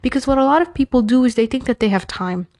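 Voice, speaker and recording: A woman from New York with a New York accent, hosting a casual advice talk in a chatty, animated way that drifts into playful self-mocking tangents. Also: sits high, fast. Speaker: host of an Islamic advice podcast.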